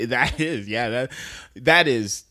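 A man's voice: mid-range voice, lively intonation, takes it slowly, bright, forceful tone, no room sound, studio quality. A young man in casual chat, telling stories with lots of laughter and acted-out quotes.

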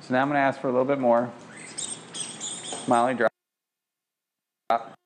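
A man working as a dog trainer, coaching an owner at home with lively praise for the dog. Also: medium pitch, normal speed, slight background noise. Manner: lively, sing-song praise for a dog between plain explanations. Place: home kitchen.

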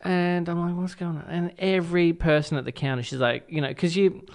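A man's voice: on the high side, a little fast, vocal fry, smooth. An Australian man co-hosting a radio show from a studio, telling jokey stories in casual banter. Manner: animated, jokey storytelling with lots of "like". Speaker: radio co-host.

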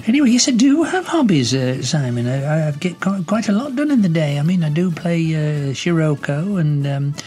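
A man's voice: on the high side, very animated, normal speed, few pauses, a little mellow. A man voicing an elderly woman caller who lives alone, chatting and giggling in a comic phone-in sketch. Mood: chatty. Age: older.

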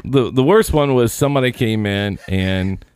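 A man's voice: mid-range voice, moderate pace, darkish tone, smooth, no room sound. A man in casual podcast chat who rambles through sarcastic work stories.

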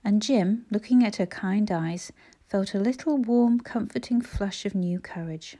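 A woman reading a classic children's story aloud with gentle, measured narration. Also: mid-range voice. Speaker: audiobook reader.

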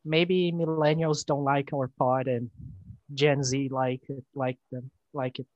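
A man's voice: medium pitch, little pitch movement, measured pace, no echo, dull audio. A man co-hosting a casual podcast, talking in a mock-formal way with dry jokes. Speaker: podcast co-host.

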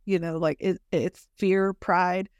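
A woman's voice: on the low side, little pitch movement, slow, darkish tone, smooth, no room sound, dull audio. A woman hosting a faith-centered chat, emphatic and affirming, asking rhetorical questions. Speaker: podcast host.

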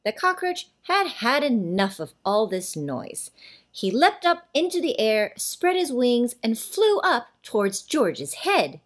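Woman reading a kids story, real slow, lively, kinda high voice. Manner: slow, animated storybook narration.

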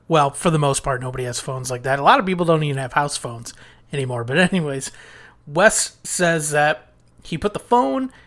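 A man's voice: a little high, a bit bright. Chatty man recapping a sitcom episode. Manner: chatty, retelling scenes with quoted lines and small restarts. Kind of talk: casual recap commentary.

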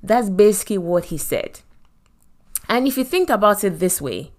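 A middle-aged woman from Nigeria with a Nigerian accent, telling a personal story in a motivational faith talk, animated, with many asides and repeated phrases. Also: mid-range voice, moderate pace. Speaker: podcast host and Christian speaker.

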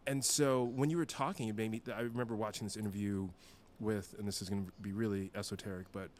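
A man hosting a podcast, telling stories in a quick, chatty way. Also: on the low side, fairly even intonation, darkish tone, slight background noise. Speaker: podcast host. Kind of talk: casual conversation.

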